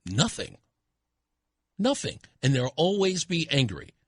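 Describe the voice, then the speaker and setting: A man's voice: a little high, sing-song, takes it slowly, dry recording, clean studio sound. A man hosting a talk radio show, delivering an indignant, emphatic opinion monologue.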